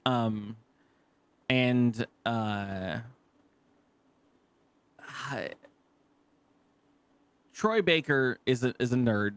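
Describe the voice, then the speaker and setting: A man's voice: medium pitch, very slow, pauses often, smooth. A man streaming live, talking casually to his chat, rambling with frequent restarts, swearing freely and laughing easily. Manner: rambling, lots of restarts and fillers. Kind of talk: casual live gameplay commentary.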